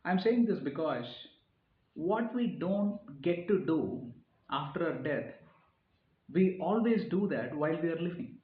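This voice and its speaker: A man's voice: on the high side, expressive, unhurried, reverberant, phone-quality sound. A man giving an earnest, sermon-like reflection, often repeating phrases and pushing his key points harder. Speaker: speaker giving a reflective talk. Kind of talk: informal sermon-style reflection.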